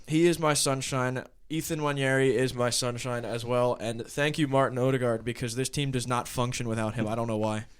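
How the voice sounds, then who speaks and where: A man's voice: mid-range voice, steady tone, a little fast, few pauses, clean tone. An American man co-hosting a casual soccer podcast, telling a travel story with frequent fillers and laughs. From United States. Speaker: podcast co-host. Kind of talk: casual sports chat.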